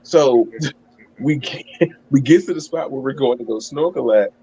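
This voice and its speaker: Husky-voiced man rambling through a story. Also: mid-range voice, unhurried, warm tone, muffled recording. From Maryland. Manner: rambling storyteller, swears, laughs at himself. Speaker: guest. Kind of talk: casual chat.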